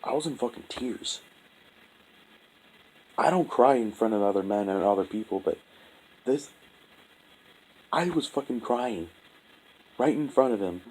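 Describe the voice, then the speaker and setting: A young man telling a painful personal story in a halting, profane, heavy-hearted monologue. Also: medium pitch, expressive, darkish tone, husky, rough recording. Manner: halting, profane, full of restarts and fillers. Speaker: vlogger.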